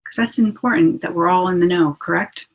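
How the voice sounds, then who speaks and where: A woman's voice: lowish voice, brisk, low-quality recording. A woman hosting a webinar as a spiritual teacher, talking in a chatty, enthusiastic way over a video call. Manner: chatty and enthusiastic, asks listeners along. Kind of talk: casual teaching talk.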